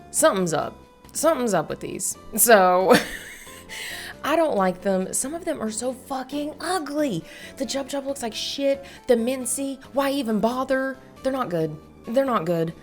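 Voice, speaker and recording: A young woman chatting through her daily game routine in a loose, blunt, sweary vlog style, breaking into frequent laughs. Her voice has a strong gravelly fry, and there is faint music playing behind her. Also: mid-range voice. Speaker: gaming YouTuber. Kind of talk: casual vlog chat.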